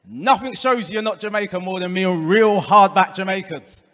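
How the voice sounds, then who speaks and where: A high-pitched, bright-toned man with an Essex accent performs stand-up on a club stage. He lands punchlines deadpan and chats with the crowd. The room carries a long, roomy reverb. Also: moderate pace. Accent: Essex English. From England. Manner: deadpan punchlines, crowd work, puts on voices for quoted people. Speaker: stand-up comedian. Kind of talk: stand-up comedy set. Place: comedy club stage before a live audience.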